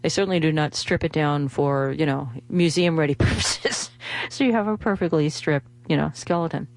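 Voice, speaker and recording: A woman's voice: low-pitched, moderate pace, darkish tone. A woman radio host, talking in a rambling, chatty way full of fillers and restarts. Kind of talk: casual radio monologue with pledge appeal.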